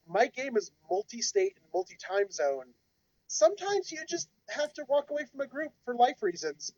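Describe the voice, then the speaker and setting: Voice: mid-range voice, no room sound, dull audio. A podcast co-host talking through advice in an earnest, thoughtful way. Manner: earnest, advising. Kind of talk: casual discussion.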